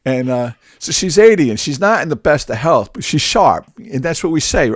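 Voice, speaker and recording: A man's voice: mid-range voice, animated, moderate pace, hardly any pauses, dry recording, studio quality. A man in his sixties talking through a candid personal monologue, rambling and repeating words, with wry humor. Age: 60s. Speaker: podcast host.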